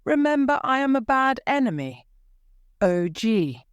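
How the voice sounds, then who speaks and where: Woman doing a bossy menacing opera ghost, demanding, pitched high, clear dry sound. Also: sing-song, measured pace, dry recording, muffled recording. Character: threatening male opera ghost writing letters.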